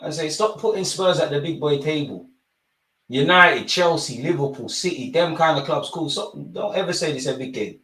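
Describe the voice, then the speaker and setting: Talking at a moderate pace in a slightly rough voice, a man streams his live reactions to a football match. This fan addresses the players and referee directly, shifting from quiet muttering to excited shouting.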